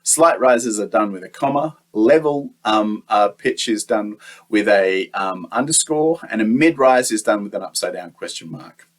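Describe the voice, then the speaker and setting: A man's voice: lowish voice, expressive, measured pace. A man teaching a lesson, explaining step by step with frequent "um" and "uh" fillers. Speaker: lecturer. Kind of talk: teaching lecture.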